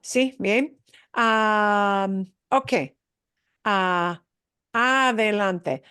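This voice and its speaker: A woman teaching a Spanish class, explaining slowly, repeating words for learners and mixing English with Spanish phrases. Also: medium pitch, pushed and bright, clean tone, no echo, studio quality. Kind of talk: recorded class lesson.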